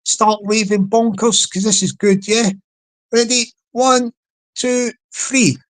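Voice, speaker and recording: Slow-talking man chanting on stream. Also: sits high, fairly even intonation, low-quality recording. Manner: chants a catchphrase and coaxes the chat to join in; repetitive, playful, drawn-out delivery. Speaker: live streamer. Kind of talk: casual live-stream chat.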